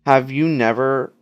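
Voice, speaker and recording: A man's voice: mid-range voice, lo-fi sound, voice pushed up. A man reading the lines of a cheeky teenage daughter who teases her dad in an upbeat way.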